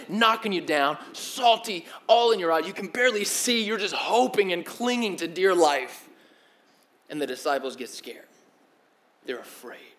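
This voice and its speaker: Animated young male preacher, slangy. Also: high-pitched. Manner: animated storytelling, slangy, swings from loud to hushed. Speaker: pastor. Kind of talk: sermon.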